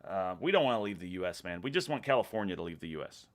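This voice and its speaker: A man's voice: deep voice, big pitch swings, rapid-fire. A man with a Texas accent hosting a casual livestream, reading viewer comments aloud with a laid-back, chuckling manner while drinking beer. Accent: Texan. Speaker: livestream host.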